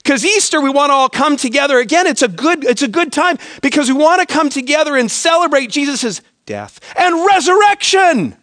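Chatty high-voiced preacher, dry sound. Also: male voice, fairly quick, hardly any pauses, bright, forceful tone, dry recording. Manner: conversational, self-deprecating humor with frequent "right?". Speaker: pastor. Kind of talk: sermon. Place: church sanctuary.

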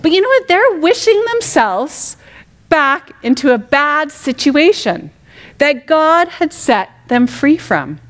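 A middle-aged woman giving a conversational Bible teaching, animated and full of rhetorical questions, sometimes acting out quotes with drama. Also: high-pitched, takes it slowly.

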